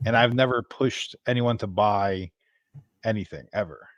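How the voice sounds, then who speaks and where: Male stream guest, easygoing and hesitant, lower voice, dry sound. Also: moderate pace, no room sound, highs cut off. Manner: laid-back and hesitant, with many restarts. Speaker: guest, a comics and gaming content creator. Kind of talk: casual livestream chat.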